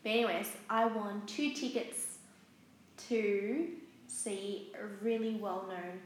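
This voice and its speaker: An Australian woman chatting and telling a story, quick to laugh. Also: mid-range voice, steady tone, slight background noise. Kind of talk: casual storytelling chat. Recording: very echoey room, faint ambience.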